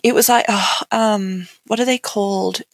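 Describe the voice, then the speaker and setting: A woman's voice: medium pitch, steady tone, measured pace, no echo. A young woman as an interview guest, telling her own story candidly and conversationally, with many "like" fillers. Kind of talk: personal account in an interview.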